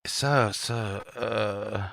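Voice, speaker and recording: A man's voice: on the low side, very slow, vocal fry, fairly bright tone, dry recording, studio quality. A man chatting casually on a vlog, rambling with many fillers and restarts and laughing at his own stories. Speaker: vlogger.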